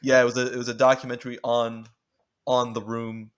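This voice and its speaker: A man's voice: medium pitch, monotone, fairly quick, clear, resonant tone. A man guest on a podcast, chatting casually, laughing and swearing as he tells stories. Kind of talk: casual chat.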